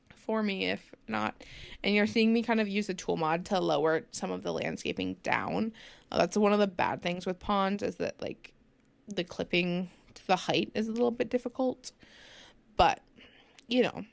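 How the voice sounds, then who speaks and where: A woman's voice: mid-range voice, gravelly, dry recording. A young woman commenting casually over a game build, chatty and rambling with many fillers, sounding sleepy. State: sleepy, yawning. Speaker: gaming channel host.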